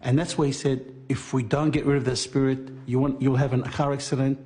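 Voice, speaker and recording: A man's voice: mid-range voice, level tone, dark tone. A man in an interview recounting an ordeal, stumbling over restarts and acting out what others said. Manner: acts out others' lines, halting restarts. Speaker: interviewee recounting being scammed. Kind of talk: animated storytelling interview.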